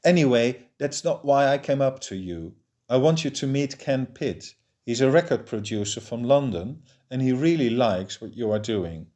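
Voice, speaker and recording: A man reading the lines of a bold, chatty young Irish newcomer in a first-person story, eager and quick to explain. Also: medium pitch, animated, dark tone, lightly acted.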